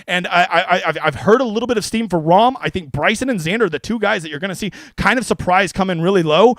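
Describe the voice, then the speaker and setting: A fantasy golf streamer delivers casual livestream commentary, brash and jokey, swearing a lot. His fairly high voice moves fast and turns excitable, and the recording is dry and close with no echo.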